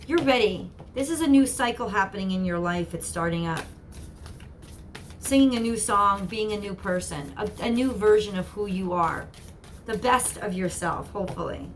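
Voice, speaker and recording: A woman's voice: medium pitch, moderate pace, slight background noise. A woman giving an earnest, encouraging channeled tarot reading, often repeating herself. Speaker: tarot reader.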